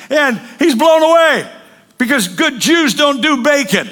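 Man, pastor, sermon, joking, animated storytelling, high-pitched. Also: unhurried.

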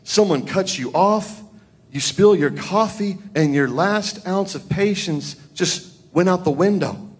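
A man preaching a sermon, his voice rising and falling widely as he builds his points. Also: slightly rough. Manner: preaching with big swings in pitch and volume. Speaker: pastor.

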